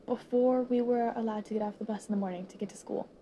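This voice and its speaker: A young woman in her late teens, a high school student, choked up and teary as she talks to viewers in a halting, emotional monologue full of pauses that keeps dropping into whispers. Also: steady tone, dull audio, a little hiss or hum.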